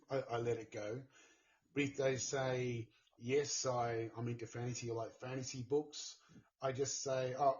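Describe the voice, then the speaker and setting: A man's voice: medium pitch, a little mellow, highs cut off. A man with an Australian accent chatting earnestly and enthusiastically as a guest author. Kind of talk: casual chat.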